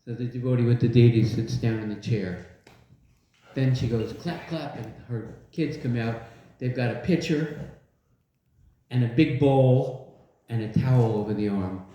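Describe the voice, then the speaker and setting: An older man tells lively, funny stories in a sermon before a gathered crowd. His voice is mellow and soft-edged. It comes through a muffled recording with heavy reverb from a large hall. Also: mid-range voice, measured pace, a little hiss or hum. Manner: humorous, lively storyteller. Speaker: devotional speaker. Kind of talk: storytelling sermon with audience call-and-response. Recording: very echoey, dull hall recording.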